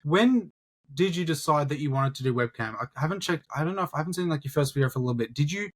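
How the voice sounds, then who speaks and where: A young man chatting on a podcast, his voice sitting a little high for a man. He talks in a relaxed, loose way, swearing freely and throwing in "dude" and "bro" as he goes. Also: fast talker. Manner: laid-back, swears a lot, says dude and bro. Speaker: podcast co-host, YouTuber. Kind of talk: casual podcast chat.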